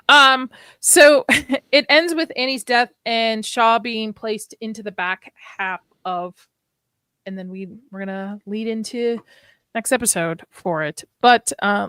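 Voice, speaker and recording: A woman's voice: fairly high pitch, a bit bright, no room sound. A woman co-hosting a casual live discussion, chatting and reading her notes aloud with frequent restarts. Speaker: podcast co-host.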